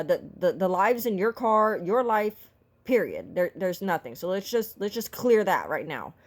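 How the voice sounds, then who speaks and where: A middle-aged woman telling a story in a casual vlog, talking in an exasperated, vocal, ranting way. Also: medium pitch. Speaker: vlogger.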